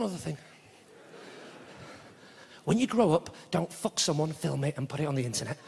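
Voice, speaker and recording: A man's voice: a little high, lively intonation, moderate pace, vocal fry, long pauses, a little mellow. A man performing live stand-up comedy in a theatre, bantering with the audience and tossing in frequent tag questions. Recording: echoey theatre with audience noise.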